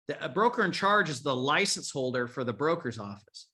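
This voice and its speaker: Brief: male business coach, blunt and profane, pitched a bit high, with a forceful edge. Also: a little fast, hardly any pauses. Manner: blunt and profane, rallying listeners. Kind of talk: coaching talk to a live group.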